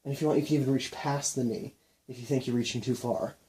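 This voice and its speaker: A young man explaining and demonstrating ab exercises in a casual, relaxed way while counting reps aloud. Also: medium pitch, quick pace. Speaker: fitness instructor.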